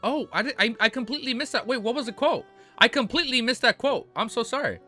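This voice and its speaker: A man streaming live, reading a novel aloud and breaking off to react excitedly, swearing and laughing with his chat. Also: very high voice, fast talker. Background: faint background music.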